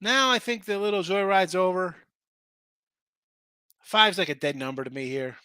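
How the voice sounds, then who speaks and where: Tired, bright-voiced man chatting betting lines. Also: high-pitched, moderate pace, smooth, no echo. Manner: casual, rambling, talks to chat viewers. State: tired, losing his voice. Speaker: sports betting show host. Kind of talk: live-streamed betting picks chat.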